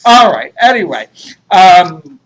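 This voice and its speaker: Rabbi explaining Talmud to a class. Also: male voice, sits high, sing-song, takes it slowly. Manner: explains Aramaic text, translating line by line, digresses into jokes.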